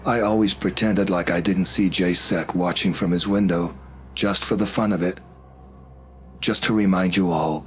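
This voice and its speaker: A man narrating a first-person horror story in a steady, measured way. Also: deep voice, slight background noise. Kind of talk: scripted narration.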